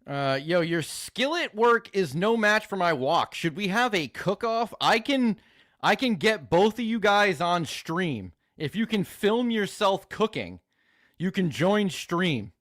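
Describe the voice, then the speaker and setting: A man's voice: high-pitched, sing-song, takes it slowly, a bit bright, dry recording. Crude joking streamer guy, dry close mic. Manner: crude, joking, rambling, swears a lot. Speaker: streamer host reacting to videos. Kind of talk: casual live-stream chat.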